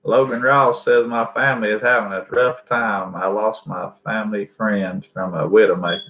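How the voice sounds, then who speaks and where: A man's voice: fairly low pitch, fairly even intonation, moderate pace, a bit bright. A man with a Southern accent co-hosting a live stream, reading out chat comments in a folksy, easygoing way. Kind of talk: casual chat.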